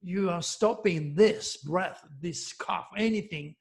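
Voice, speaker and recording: A man's voice: high voice, slow, gravelly, breathy edge. A man hosting his own show, giving an impassioned, preachy monologue full of warnings and repeating words for emphasis. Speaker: astrologer host. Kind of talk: emotional monologue to camera.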